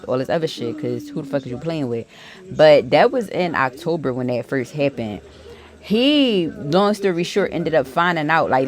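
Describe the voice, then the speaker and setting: A woman vlogger telling a story in a casual, animated and profane way, full of fillers. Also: extremely low pitch.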